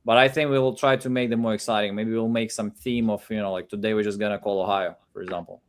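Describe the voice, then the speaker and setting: A man's voice: fairly low pitch, fairly even intonation, fast talker. A man co-hosting a live sales stream in casual chat, rambling and restarting his sentences.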